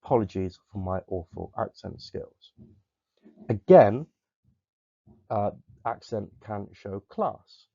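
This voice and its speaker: Mellow-voiced drama teacher. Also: male voice, sits low, takes it slowly, dry recording. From Somerset, England. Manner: clear, explanatory, demonstrates vocal techniques. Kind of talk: recorded classroom lesson. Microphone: close desk microphone. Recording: dull, lo-fi dry recording.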